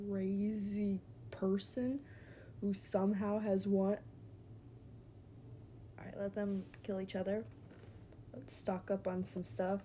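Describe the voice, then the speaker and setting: A young woman giving casual gameplay commentary, excitable and swinging between quiet muttering and loud outbursts. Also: medium pitch, slow pace, long pauses, slight background noise. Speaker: gaming video creator.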